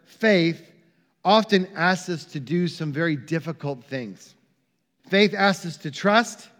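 Male preacher, high voice, sermon delivery with long hall reverb. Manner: tells a joke story, then teaches with measured emphasis.

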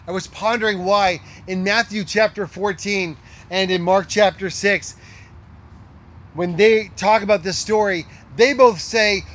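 A middle-aged man preaching a sermon as a pastor, emphatic and repeating his key lines, dropping to a hush at times. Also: high-pitched, unhurried, a little hiss or hum.

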